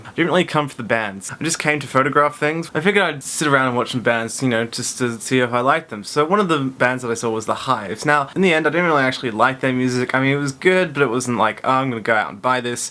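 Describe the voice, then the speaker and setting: A man's voice: medium pitch, bright, forceful tone. A young man talking alone in his bedroom in a playful, exclamatory vlog monologue. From Perth, Australia. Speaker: vlogger.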